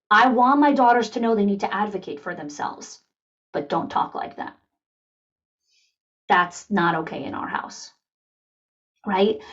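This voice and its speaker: A woman leading an online town hall for school leaders, talking in an energetic coaching manner and acting out the voices of people she quotes. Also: medium pitch, lo-fi sound.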